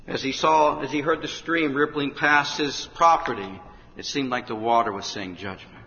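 A man preaching an urgent revival sermon in a large hall, rising to shouts at the climaxes. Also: medium pitch, normal speed. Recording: dull, echoey hall with faint noise.

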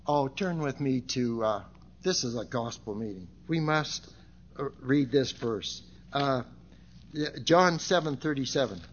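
A middle-aged man preaching at a gospel meeting, swinging from loud fervent exclamations to quiet low asides and repeating scripture lines. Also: animated, unhurried, slight background noise. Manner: repeats phrases and quotes King James scripture. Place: meeting room. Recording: dull lo-fi recording.

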